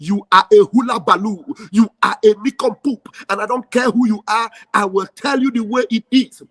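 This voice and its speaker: A man with a Nigerian accent delivers a fiery, rallying speech. His voice sits high for a man. He hammers his points home, repeating phrases for emphasis. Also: moderate pace, a bit bright, breathy edge. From southeastern Nigeria. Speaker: activist.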